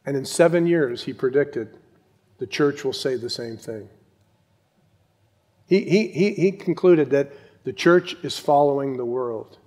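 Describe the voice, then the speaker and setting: A middle-aged male pastor preaching a sermon, emphatic, with rhetorical questions and quiet asides. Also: medium pitch, measured pace, long pauses.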